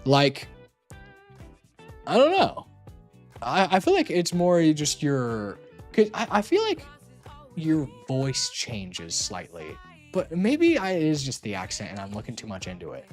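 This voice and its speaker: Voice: mid-range voice, wildly swooping pitch, measured pace, pauses often, soft background music. A young adult streamer chatting casually, teasing, laughing often and swearing freely.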